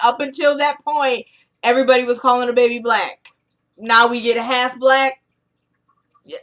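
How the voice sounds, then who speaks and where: A woman talks through a recap of a TV drama episode in a relaxed, chatty way. She retells the scenes by voicing the characters' lines and breaks in with her own blunt opinions. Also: fairly high pitch, moderate pace, long pauses. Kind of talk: casual recap chat.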